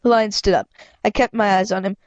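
Woman, amateur storybook reading, stumbles and restarts, mid-pitched voice, dry close sound. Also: fairly even intonation, a little fast, dry recording, lo-fi sound. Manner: reads with frequent stumbles and restarts, voicing characters with raised pitch; apologizes and comments between passages. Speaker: amateur reader. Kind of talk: reading a children's book aloud.

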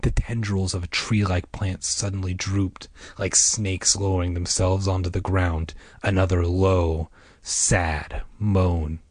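Husky guy reading a spooky kids book, wry asides, low voice, dry sound. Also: level tone, unhurried, hardly any pauses, dry recording. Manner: wry asides between chapters. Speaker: podcast host reading a children's horror book. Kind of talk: storybook narration.

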